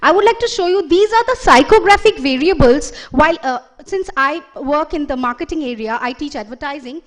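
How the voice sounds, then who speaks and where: A woman's voice: high voice, animated, brisk. A woman giving a conference presentation as a lecturer, explaining with fillers and self-corrections.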